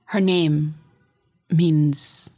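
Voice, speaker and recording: A middle-aged woman telling a personal story in a casual, reflective way, often sinking into a soft whisper. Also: sits low, steady tone, extremely slow, slightly rough.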